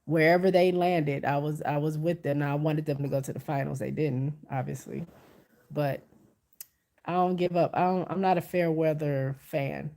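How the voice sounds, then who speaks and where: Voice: medium pitch, steady tone, normal speed, a little mellow. A livestreamer who is stuffy from a cold, chatting casually to viewers and reading their comments aloud, with frequent restarts. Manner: talks straight to viewers, frequent restarts and self-corrections.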